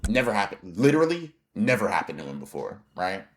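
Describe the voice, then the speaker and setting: Low-voiced young man telling a slangy story. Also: fairly quick, a little hiss or hum. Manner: animated storyteller, slangy and profane. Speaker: podcast co-host. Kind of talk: casual storytelling chat.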